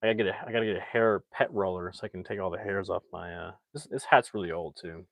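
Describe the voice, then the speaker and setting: A man casually recapping a movie plot, talking excitably and restarting his sentences often. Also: low voice, quick pace, creaky, no echo. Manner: rambling, excitable, frequent restarts and "like". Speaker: movie reviewer.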